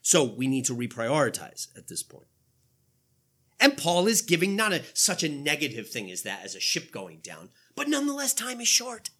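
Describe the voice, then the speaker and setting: A man's voice: fairly high pitch, huge pitch swings, normal speed, pushed and bright, breathy edge. A man in his fifties preaching a conversational sermon in a church, putting rhetorical questions to the congregation in an informal way. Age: 50s. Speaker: pastor.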